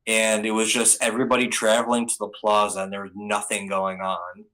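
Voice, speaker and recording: A man's voice: on the low side, monotone, a little fast, pushed and bright, poor audio. A man giving a casual, rambling spoken recap of anime episodes, full of ums and restarts.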